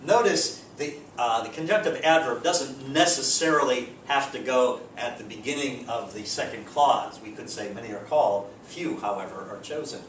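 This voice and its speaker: A man teaching a grammar lecture in a relaxed way, reading out example sentences. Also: normal speed, hardly any pauses. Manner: relaxed, explains with spoken examples and fillers. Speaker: English teacher. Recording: echoey room, distant mic, background rumble.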